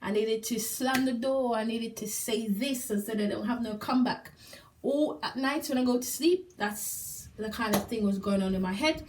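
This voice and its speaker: In a casual testimonial vlog, a single mother with a fairly high, slightly mellow voice shares her own experience with a product, speaking emphatically at a moderate pace, repeating words and laughing occasionally. She sits a bit back from the mic, so she sounds slightly distant, and there's a little hiss or hum.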